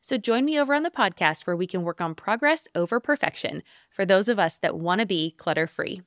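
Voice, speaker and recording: A woman's voice: medium pitch, animated, brisk, no room sound, studio quality. Upbeat woman reading a podcast promo. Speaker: podcast host.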